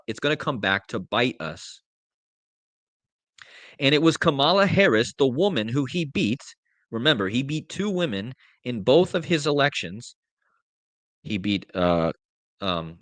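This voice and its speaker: Guy hosting a live show, slow emphatic talk, keeps repeating himself, talks to viewers like guys, dry close sound. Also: medium pitch, a bit bright, no room sound. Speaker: host. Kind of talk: live commentary reading lyrics aloud.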